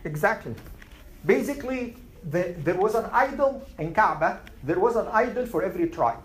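A man's voice: high-pitched, expressive, normal speed, echoey room, poor audio. A man teaching a class, asking questions and summarizing points in numbered lists. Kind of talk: classroom Q&A lesson.

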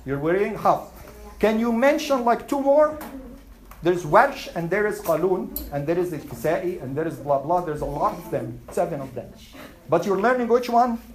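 A woman's voice: fairly low pitch, lively intonation, darkish tone, poor audio. Woman teaching a Quran class. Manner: asks the class questions and answers them; recites Arabic verses quickly. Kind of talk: classroom lesson.

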